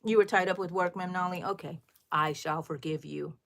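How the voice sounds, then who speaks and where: Hosting a casual crochet livestream, this middle-aged woman with a lilt talks a little loud and muses aloud while she works. Her slightly low, gravelly voice keeps a fairly even intonation at normal speed. Chatty, she often turns to viewers with questions.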